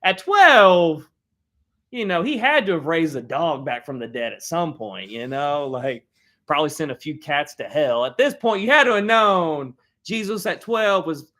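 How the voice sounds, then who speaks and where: A man's voice: fairly high pitch, sing-song, measured pace, a bit bright. A man in his thirties, a pastor giving a sermon in a casual, slangy storytelling way. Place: church hall.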